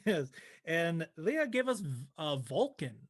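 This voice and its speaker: A man's voice: fairly high pitch, slow. A man helping host an improv match, reading audience suggestions. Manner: chatty, lively, reading suggestions.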